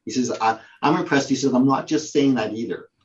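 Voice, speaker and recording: Brief: male guest, halting storyteller, lots of ums, dull lo-fi call audio. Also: medium pitch. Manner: halting, with many fillers and restarts. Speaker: prop company owner, guest. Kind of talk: casual anecdote telling.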